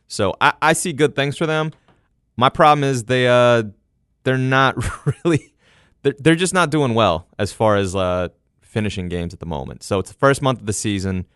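A man co-hosting a podcast, talking sports casually, relaxed and rambling with fillers and quick laughs. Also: fairly low pitch, smooth, no room sound, studio quality. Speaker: podcast co-host.

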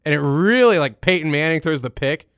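A man co-hosting a casual sports chat, profane and animated, with mock-dramatic outbursts. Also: on the high side, brisk, no echo, studio quality. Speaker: podcast co-host.

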